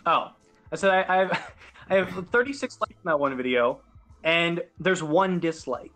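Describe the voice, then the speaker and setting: Young guy on a podcast, kinda high voice, rambles on all earnest and unsure of himself. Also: animated, normal speed, a bit bright, soft background music. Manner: earnest, rambling, self-doubting. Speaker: podcast guest and sports announcer. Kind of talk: casual podcast chat.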